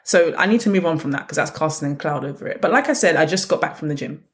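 A woman hosting her own podcast, telling stories in a blunt, sarcastic, animated way. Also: low-pitched, fast. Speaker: podcast host. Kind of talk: casual solo podcast monologue.

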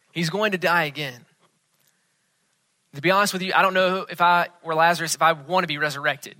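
A male pastor preaches earnestly, dropping almost to a hush to drive a point home. His voice is slightly high, bright and sharp, recorded dry and close with no echo.

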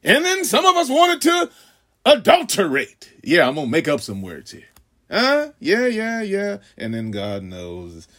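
A man preaching a sermon, calling out "huh?" to the congregation, stammering on repeats and swinging from shouts to hushed asides. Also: high-pitched, huge pitch swings, a little slow. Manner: call-and-response, frequent "huh?"; stammering repeats when building. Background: congregation laughing.

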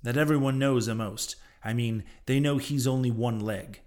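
A man's voice: mid-range voice, steady tone, moderate pace, a little mellow, natural voice. A man voicing a ragged old male sailor prophet who talks in emphatic, mocking old-fashioned sea speech. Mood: ominous. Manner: archaic sailor talk, emphatic, derisive.

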